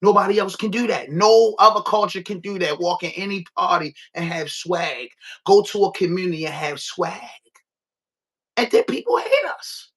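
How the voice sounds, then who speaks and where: A Baltimore man with a high, bright voice, ranting on a podcast. He talks with a Baltimore accent, curses a lot and hammers his points home by repeating them. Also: moderate pace. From Baltimore, USA. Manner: profane, emphatic, repetitive. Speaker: podcast host. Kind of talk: casual rant.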